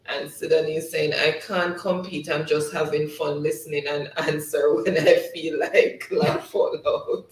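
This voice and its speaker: A man's voice: a little high, recorded from a distance. A man hosting a live trivia stream, chatting casually, reading viewer comments aloud and often breaking into laughter. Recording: roomy sound, voice set back from the mic.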